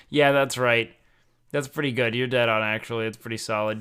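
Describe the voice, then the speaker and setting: A man's voice: mid-range voice, steady tone, a little fast, pushed and bright, smooth. A young man streaming, chatting casually and loosely with his chat, swearing and using lots of fillers. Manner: loose, profane, rambling with many fillers.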